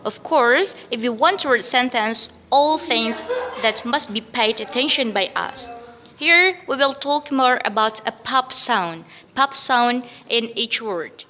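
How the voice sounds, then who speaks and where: Slow, bright-voiced woman teaching pronunciation. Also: fairly high pitch, in a large hall, soft background music, poor audio. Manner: slow, repeats words and sounds for drilling. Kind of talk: pronunciation lesson with drills.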